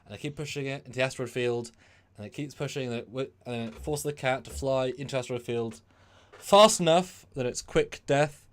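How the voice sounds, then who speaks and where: A man co-hosting a casual livestream, telling a silly story in a rambling, animated way. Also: mid-range voice, brisk. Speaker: co-host.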